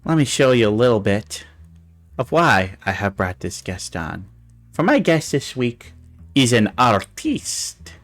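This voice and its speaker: A man's voice: medium pitch, sing-song, a little slow, a bit bright, faint music behind. Gushing, rambling male livestream host. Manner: gushing, cooing over pictures; rambling with many fillers and restarts. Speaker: talk show host. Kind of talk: casual livestream chat show.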